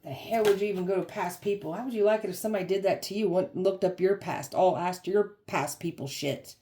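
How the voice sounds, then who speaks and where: Blunt, sassy woman with a mellow voice. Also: mid-range voice, fast. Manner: blunt, sassy, swears freely; mocking, heated delivery. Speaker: tarot reader. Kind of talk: tarot reading monologue.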